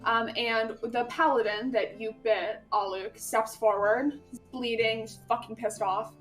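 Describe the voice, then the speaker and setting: A woman narrating as game master of a tabletop game, unhurried with many fillers. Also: on the high side, steady tone, a bit bright, recorded from a distance, soft background music.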